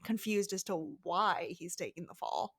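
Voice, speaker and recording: Woman co-host, mid-pitched, dry close sound, relaxed recap chat with quoted character lines. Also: moderate pace, breathy edge, no echo. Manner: conversational, plays out characters' lines. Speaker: podcast co-host. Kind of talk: casual book discussion chat.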